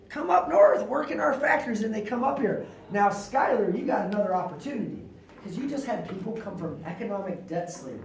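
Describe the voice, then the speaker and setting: A male teacher giving an animated, slangy classroom lecture, acting out little scenes with his students. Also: high-pitched, slight background noise. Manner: animated, slangy, acts out quotes. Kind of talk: classroom lecture with role-play. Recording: echoey classroom from far off.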